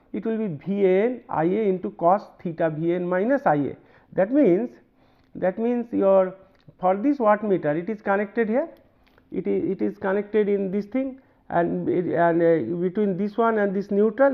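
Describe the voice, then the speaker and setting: A man with an Indian English accent giving a university lecture, working through examples with many pauses, repeats and "right?" checks. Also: high voice, creaky. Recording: narrow phone-like band.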